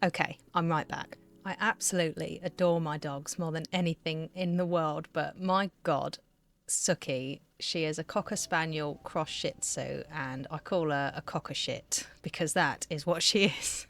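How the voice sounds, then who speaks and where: A woman's voice: low voice, steady tone, normal speed, vocal fry, fairly bright tone. A woman chatting casually as she narrates a voiceover for her art vlog, giggling often and running herself down. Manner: chatty, giggly, self-deprecating. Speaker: art vlogger. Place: home art studio.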